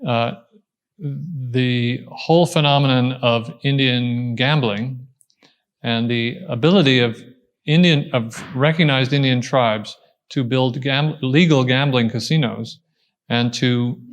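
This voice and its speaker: A man's voice: medium pitch, highs cut off. Man giving a thoughtful answer. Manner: thoughtful, explaining step by step with frequent pauses and restarts. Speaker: invited speaker answering audience questions. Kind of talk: unscripted explanatory answer at a talk.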